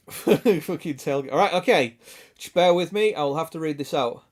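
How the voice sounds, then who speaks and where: A British man talking casually to his viewers on a gaming stream. His voice sits a little on the high side, and he rambles in a sweary, chuckling way. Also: slow pace, pauses often.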